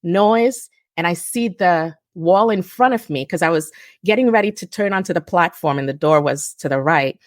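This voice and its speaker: A woman in her forties, a guest telling a personal story in a halting way with restarts and self-corrections. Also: fairly low pitch, no echo, clean studio sound. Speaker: guest survivor.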